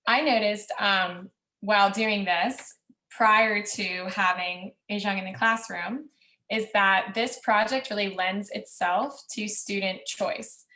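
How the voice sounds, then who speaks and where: A woman teacher talks through what she learned from a class project. She speaks casually, with ums and quick bursts. Her voice is mid-pitched and rings in a reverberant room. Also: steady tone, pushed and bright. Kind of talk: reflective presentation. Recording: echoey room.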